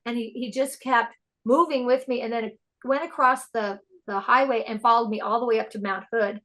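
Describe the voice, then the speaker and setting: A woman speaks as a podcast guest in casual conversation. Her voice sits a little high, and she tells her stories with eager, animated energy. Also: brisk. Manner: excitable, animated storyteller. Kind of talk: casual spiritual interview chat.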